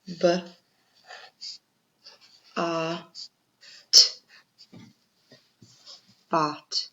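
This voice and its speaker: A woman teaches young children to spell, breaking words into syllables with patient encouragement. She talks slowly in a lowish, gravelly voice. The recording sounds dull and lo-fi. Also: sharp tone. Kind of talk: second-grade spelling lesson. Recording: muffled lo-fi recording.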